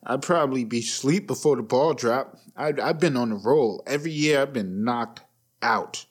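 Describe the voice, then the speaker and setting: A man's voice: medium pitch, moderate pace, husky. A man in his thirties hosting a solo podcast, rambling bluntly with profanity and laughing at his own jokes. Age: 30s. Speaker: podcast host. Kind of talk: casual solo rant.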